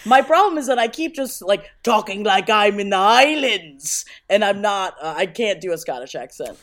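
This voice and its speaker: A woman co-hosting a podcast, chatting casually in an animated, jokey way and swearing freely. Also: medium pitch, normal speed. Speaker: podcast co-host. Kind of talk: casual gossip chat.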